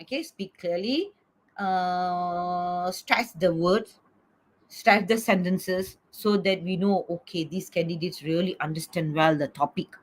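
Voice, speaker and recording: Teaching an online class by video call, a middle-aged woman speaks slowly in a voice on the low side. She coaxes the students and checks in with "okay?" after nearly every point.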